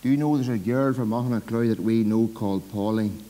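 A Northern Irish pastor preaching a sermon in a church, swinging from loud, emphatic calls to soft, low asides. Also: male voice, a little fast, big-room sound, poor audio.

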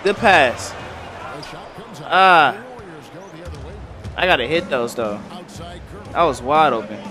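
Excitable young man calling his own game. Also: a little high, takes it slowly. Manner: excitable, talks to the screen, trash talk. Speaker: gaming commentator. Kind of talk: live gameplay commentary. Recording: game music and crowd noise faintly behind. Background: faint game music and arena crowd.

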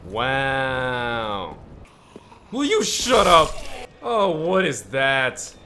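A man doing let's play commentary on a video game, loud and profane, with screaming reactions and mock-heroic asides. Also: medium pitch, wildly swooping pitch, drawn-out words, a little hiss or hum. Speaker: gaming YouTuber.

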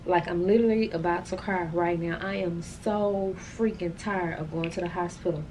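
A woman talks straight to her camera in a loose, rambling vlog style, calling her viewers y'all. Her voice sits a little low. A faint hiss runs under the recording. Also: fairly even intonation, normal speed. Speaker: vlogger. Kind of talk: casual chat to camera.

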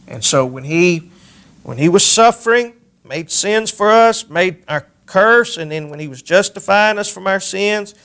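A male pastor preaching a sermon, reading scripture aloud and pressing key words with slow emphasis. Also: high voice, expressive, fairly bright tone, clean tone. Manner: reads scripture aloud in King James wording.

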